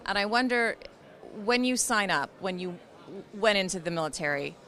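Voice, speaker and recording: Woman interviewer, bright and tense tone, probing, hesitant questions. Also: mid-range voice, lively intonation, moderate pace.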